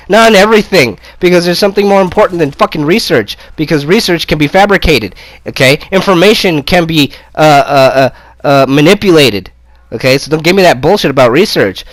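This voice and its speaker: A man's voice: a little high, dry recording, poor audio. Gloating, profane man ranting into the mic. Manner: loud, profane, gloating, stammers on fillers. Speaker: gaming video creator. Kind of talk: angry rant to camera.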